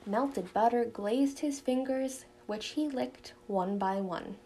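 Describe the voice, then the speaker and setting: Woman audiobook narrator, children's novel, even storytelling, gravelly fry. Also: on the high side, slow, low-quality recording.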